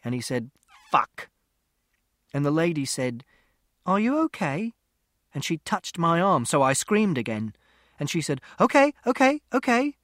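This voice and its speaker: A man's voice: fairly high pitch, no echo, clean studio sound. A man narrating a first-person audiobook in a plain, literal, detail-listing way.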